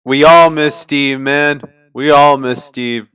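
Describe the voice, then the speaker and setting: A woman's voice: low-pitched, steady tone, slow, a bit bright. A woman hosting a casual movie reaction, joking and exclaiming as she watches. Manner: playful, jokey, exclamatory. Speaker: reaction video host.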